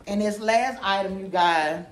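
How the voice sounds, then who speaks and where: A woman's voice: medium pitch, unhurried, roomy sound. A woman hosting her own channel, chatting casually and goofily to camera about a shopping haul, rambling with lots of slang. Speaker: channel host.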